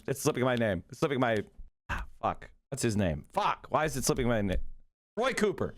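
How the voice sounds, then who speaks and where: High-voiced man ranting on a stream. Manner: heated, profane, ranting and yelling insults. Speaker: political streamer. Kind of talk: casual live-stream commentary.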